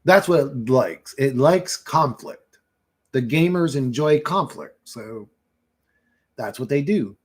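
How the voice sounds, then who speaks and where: A man's voice: medium pitch, expressive, takes it slowly, breathy edge. A man in his thirties hosting a livestream, ranting in a rambling, profane, conspiratorial monologue into a computer mic at his desk. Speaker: livestream host.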